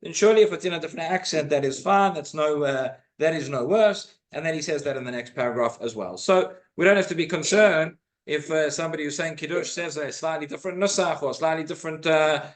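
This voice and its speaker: A rabbi giving an informal class in a synagogue, explaining texts and reading Hebrew quotations aloud. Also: male voice, on the high side, a little fast, few pauses. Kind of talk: informal Torah class lecture.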